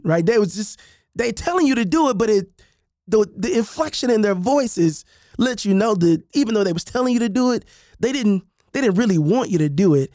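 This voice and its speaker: A man reading his own book in an animated, conversational way, with repeated asides, acting out the voices of adults and kids. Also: high voice, fairly quick, no room sound, studio quality.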